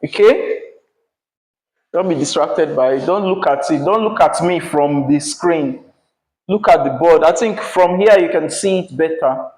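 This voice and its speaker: Brief: Nigerian English male teacher, slow and patient, higher pitch, echoey classroom. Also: darkish tone. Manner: slow, patient, repeats key words. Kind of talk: classroom lesson.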